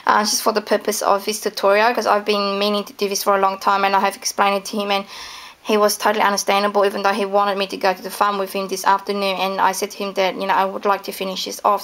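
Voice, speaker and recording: A woman with children hosts a casual home sewing tutorial, walking through the steps and enthusing over her handmade dolls. Her medium-pitched voice is a bit bright, and her chatty talk is full of fillers.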